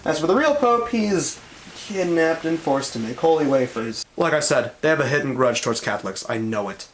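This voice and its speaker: A man delivers sarcastic review commentary, sounding exasperated and mocking. His voice sits a little high for a man, and it bounces around an echoey room. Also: animated, moderate pace, a little hiss or hum. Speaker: show reviewer.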